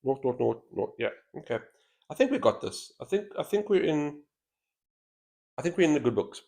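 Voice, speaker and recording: A man talking through his turns in a solo board game, voice rising and falling with a lively, animated range. He weighs options out loud in relaxed, casual commentary. He speaks into a thin headset boom mic. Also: moderate pace, vocal fry. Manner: thinks aloud, weighing moves. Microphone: headset mic with a straw-like boom.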